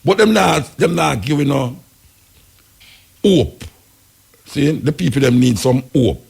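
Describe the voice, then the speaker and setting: A man's voice: medium pitch, slow, creaky, breathy edge. A man with a Jamaican accent hosting a radio talk show, rambling in patois about the news. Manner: rambling, patois-heavy, animated storytelling. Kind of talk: casual on-air commentary.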